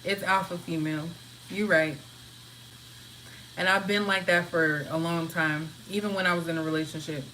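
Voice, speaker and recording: Relaxed woman chatting to her viewers. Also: lowish voice, normal speed, a little hiss or hum, rough recording. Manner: relaxed, talks freely, answers chat comments. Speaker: livestream host. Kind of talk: casual rambling chat with viewers. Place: at home.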